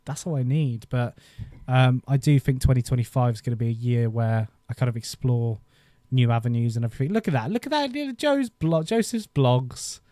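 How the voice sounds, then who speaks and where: A man in his thirties hosts a casual live stream, rambling through old memories with frequent laughter. His voice is mellow and dark-toned, and the recording sounds dry and close. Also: medium pitch, fairly even intonation, a little fast, few pauses, no echo. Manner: rambling, nostalgic, laughs often. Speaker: YouTube host. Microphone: desk microphone.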